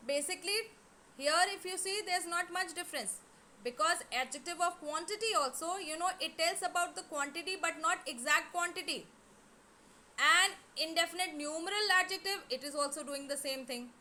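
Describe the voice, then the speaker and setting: A woman teaches grammar, explaining patiently and filling pauses with "you know". Her voice sits high and sounds bright and clear. A faint hiss stays under the recording. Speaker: English teacher. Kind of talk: online class lesson. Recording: faint background noise.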